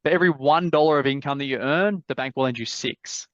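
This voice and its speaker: Swearing freely, an Australian host delivers easygoing, blunt property mentorship in a live video-call chat. His medium-pitched voice moves at a quick pace. The audio is dull and dry, with no room sound.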